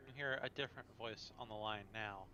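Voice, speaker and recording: A man running a tabletop game as game master, narrating haltingly with many fillers. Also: fairly low pitch, sharp tone, dull audio, slight background noise.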